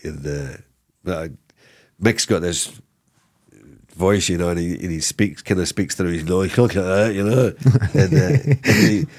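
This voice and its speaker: A middle-aged man, a former footballer, telling stories in a casual interview, rambling and animated with many restarts. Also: low voice, measured pace. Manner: animated, rambling, lots of repeated starts and "you know what I mean".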